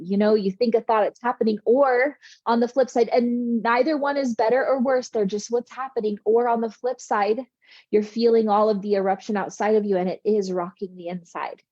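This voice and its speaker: A woman's voice: on the high side, a little mellow, no room sound, dull audio. A middle-aged woman giving a motivational spiritual talk in an earnest, reassuring, soothing way. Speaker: spiritual coach.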